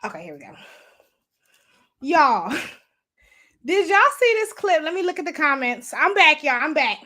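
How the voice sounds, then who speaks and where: A woman's voice: high voice, very animated, normal speed, pushed and bright. A woman hosting a casual livestream, chatty and slangy, talking straight to her viewers while out of breath. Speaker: show host. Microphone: camera mic.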